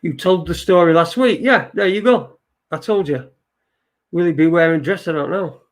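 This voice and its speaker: A man's voice: a little high, moderate pace. A man hosting a live stream in casual chat, reading viewer comments aloud, rambling and swearing and repeating himself. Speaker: livestream show host.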